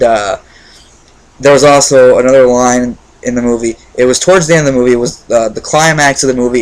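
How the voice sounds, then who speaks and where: A man's voice: mid-range voice, low-quality recording. A man giving a casual spoken movie review, enthusiastic, rambling with many fillers and restarts.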